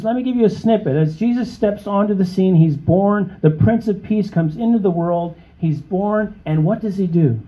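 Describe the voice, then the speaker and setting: Earnest male preacher, muffled recording. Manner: emphatic, rising to high exclamations; conversational, with frequent check-ins to the congregation. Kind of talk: sermon.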